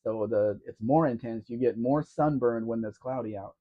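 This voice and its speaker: A man's voice: mid-range voice, moderate pace. A man hosting a casual live Q&A stream. He reads out viewer comments and answers them in a chatty, teasing way. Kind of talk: casual livestream chat. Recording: dull lo-fi sound.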